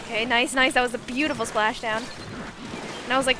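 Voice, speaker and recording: A woman streaming a game live, chatting casually and reacting excitably to the action. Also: on the high side, fairly quick, noisy background. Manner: animated, excitable, squeals and laughs at the game.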